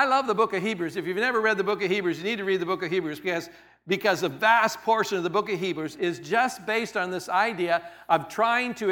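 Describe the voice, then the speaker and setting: A man with a high, bright voice preaches a sermon conversationally. He stacks phrase on phrase and circles back to hammer each point home. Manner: conversational preaching, stacked repetitions and emphatic restatements. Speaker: pastor.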